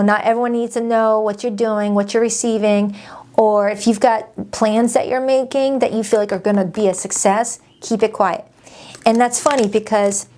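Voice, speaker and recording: A woman's voice: mid-range voice, a little mellow. A woman doing a casual tarot reading, chatty and emphatic, often repeating her phrases. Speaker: tarot reader.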